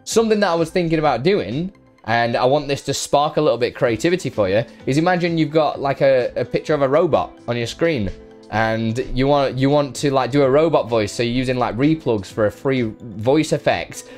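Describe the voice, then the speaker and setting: A young man hosting a casual streaming software tutorial, talking in a relaxed, chatty way with many fillers and restarts. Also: mid-range voice, a little fast, faint music behind.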